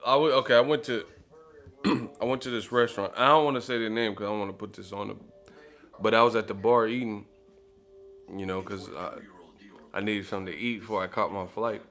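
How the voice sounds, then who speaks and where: Male channel host, casual storyteller, animated and profane, laughs often. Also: fairly low pitch, fairly quick, soft background music.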